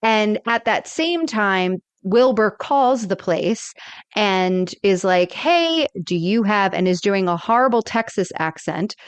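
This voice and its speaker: Woman, podcast co-host, lively casual recap, crisp voice, dry close recording. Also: mid-range voice, slow pace, no echo. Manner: animated storytelling recap. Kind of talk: casual chat.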